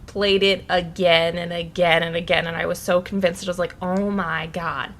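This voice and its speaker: Bright, animated woman co-host. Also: lowish voice, brisk. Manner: animated storytelling with lots of "like" and reenacted quotes. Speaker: podcast co-host. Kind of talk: casual chat.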